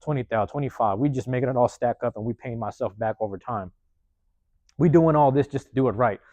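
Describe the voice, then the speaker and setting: A man hosting a podcast, telling a personal story in a rapid, profane, casual way and acting out the lines of the people in it. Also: mid-range voice, dry recording, muffled recording. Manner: profane, rapid, animated retelling with acted-out quotes. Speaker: podcast host.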